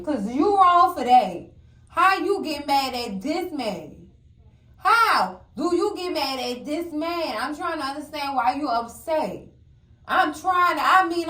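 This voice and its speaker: Woman recap host, high voice, fiery, chatty, echoey room. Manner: animated, exclamatory, addresses viewers as cousins. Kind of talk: casual TV recap commentary.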